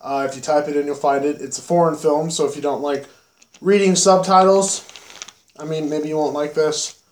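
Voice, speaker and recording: Young man, podcast co-host, profane and animated, echoey room. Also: fairly high pitch, moderate pace. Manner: animated, profane storytelling with acted-out exclamations. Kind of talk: casual chat.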